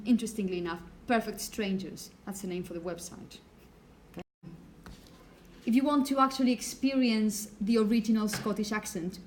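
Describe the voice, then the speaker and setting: A woman giving a classroom lecture, explaining slowly and often checking in with the students. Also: mid-range voice, a little mellow, a little hiss or hum.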